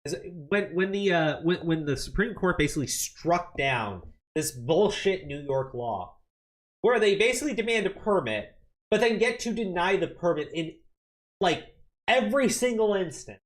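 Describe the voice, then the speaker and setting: A man's voice: high voice, very animated, normal speed, a bit bright. A man hosting a political commentary show, reacting to clips and news with angry, profanity-laced rants.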